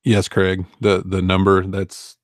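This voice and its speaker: An online reseller in his forties hosts a casual live Q&A, rambling through viewer questions with easygoing fillers and chuckles. His low-pitched voice is monotone and slow, recorded with studio quality and no echo.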